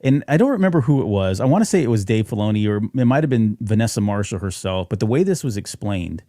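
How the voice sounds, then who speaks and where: A man's voice: lowish voice, very animated, fast talker, mellow, dry recording, studio quality. A man co-hosting a fan podcast, chatting casually and rambling with fillers and restarts. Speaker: podcast co-host.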